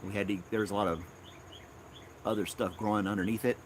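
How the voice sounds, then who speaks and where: Low-voiced man chatting outdoors. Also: fairly even intonation, fast talker, a little hiss or hum. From Tennessee. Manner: rambling, chuckles often. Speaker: live-stream host. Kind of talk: casual live-stream chat. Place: outdoors in a backyard.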